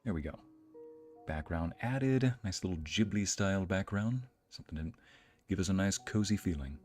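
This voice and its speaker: A man's voice: low voice, expressive, moderate pace, a little mellow, faint music behind. A man streaming from home, chatting casually and greeting viewers by name with playful exclamations. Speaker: streamer and narrator. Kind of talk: casual livestream chat.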